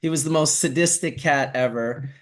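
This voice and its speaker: A man hosting a casual chat, telling animated stories and swearing casually. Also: fairly high pitch, normal speed. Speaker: host.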